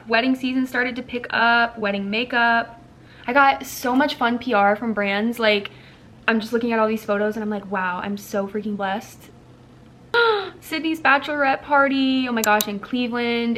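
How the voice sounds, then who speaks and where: A woman in her thirties chats to her viewers in a loose, rambling way, stacking up fillers as she goes. Her voice sits a little high, with a faint hiss behind it. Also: a bit bright. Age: 30s. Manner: chatty and rambling, full of fillers. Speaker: content creator. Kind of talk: casual chat.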